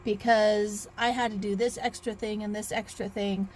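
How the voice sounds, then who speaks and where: A woman's voice: medium pitch, level tone, moderate pace, slight background noise. A woman in her thirties, chatting casually in a rambling vlog with restarts and sighs. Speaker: author vlogger.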